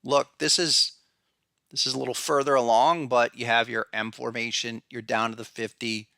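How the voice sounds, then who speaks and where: A man's voice: mid-range voice, level tone, moderate pace, creaky, sharp tone, no room sound, clean studio sound. A man hosting a podcast, talking through charts in a rambling, casual way with many restarts and fillers, calling out viewers by name. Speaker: podcast host and trading analyst. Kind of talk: casual market analysis talk.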